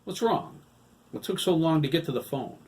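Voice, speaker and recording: A man voicing an angry, sullen teenage farmhand who snaps and talks back loudly in an audiobook. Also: fairly high pitch, expressive, normal speed, voice pushed up, natural voice. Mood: irritable. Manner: snappish, sarcastic and loud.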